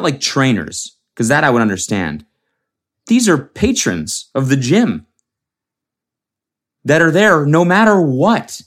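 A young man hosting a solo comedy podcast, rambling and swearing freely, often restarting his sentences. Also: fairly high pitch. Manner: rambling and profane, with frequent restarts. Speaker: podcast host.

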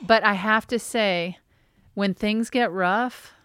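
A woman's voice: medium pitch, slow, a bit bright, clear, resonant tone, no room sound, studio quality. A woman co-hosting a podcast in casual chat, an emphatic, enthusiastic storyteller. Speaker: podcast co-host.

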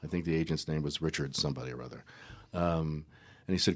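This guest actor is an older man with a very deep voice. Speaking in a conversational interview, he shares stories slowly and reflectively, often filling pauses with "um" and "uh."

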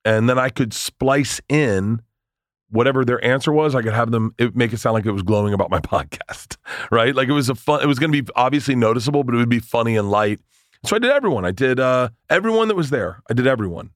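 A man in his forties, a comedian, telling stories in a casual interview, animated and swearing, acting out the voices of people he quotes. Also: mid-range voice, fast, no room sound, clean studio sound. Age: 40s. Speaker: comedian guest.

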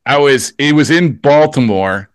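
A man's voice: mid-range voice, animated, measured pace, clear, resonant tone, dry recording. A man hosting a casual podcast interview, asking loose questions full of restarts.

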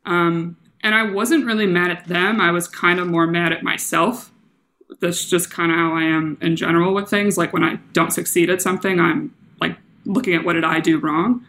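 A woman comedian as a podcast guest, candidly retelling a personal story with animated, laughing delivery. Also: fairly low pitch, moderate pace. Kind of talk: casual storytelling.

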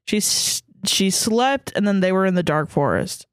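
A woman's voice: mid-range voice, lively intonation, smooth, no echo, clean studio sound. A woman co-hosting a comedy podcast, reading fan fiction aloud with dramatic flair and stifled giggles. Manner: dramatic read-aloud, giggling, slow and deliberate. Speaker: podcast co-host.

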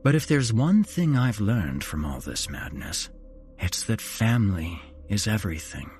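A man hosting a horror podcast, narrating a first-person story in an unhurried, dramatic storytelling way. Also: fairly low pitch, big pitch swings, darkish tone, soft background music. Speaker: host and narrator.

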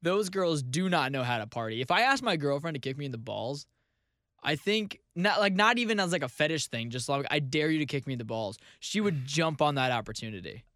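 A young man on a comedy podcast with a fairly high, very lively voice, rambling along and poking fun at himself. He is recorded close on a studio mic in a dry space with almost no echo. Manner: fast, rambling, self-deprecating. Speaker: podcast co-host. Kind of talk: casual comedic podcast banter.

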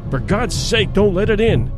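A man voicing a frightened old husband who speaks in hushed, shaky, pleading tones. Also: fairly high pitch, sing-song, measured pace, over music. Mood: fearful.

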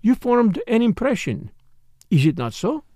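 A man playing a gentle, probing old detective. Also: very high-pitched, very animated, measured pace, dry recording, clean studio sound, voice pushed up, full character voice. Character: shrewd, gentle older male detective.

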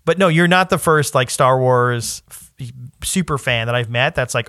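A young man co-hosting a podcast, rambling and animated in casual chat. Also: mid-range voice, normal speed, no echo, clean studio sound. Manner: animated, rambling, laughs often. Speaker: podcast co-host.

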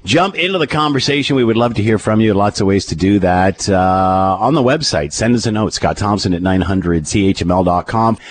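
A man hosting a radio talk show, speaking in a relaxed way with fillers and restarts. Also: lowish voice, brisk, hardly any pauses.

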